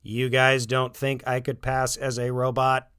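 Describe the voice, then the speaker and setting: A man's voice: medium pitch, completely flat delivery, a little slow, a bit bright, clean tone, no room sound, clean studio sound, voice pushed up, natural voice. A man voicing a cheerful, teasing suburban father who works in animation. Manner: playful, teasing.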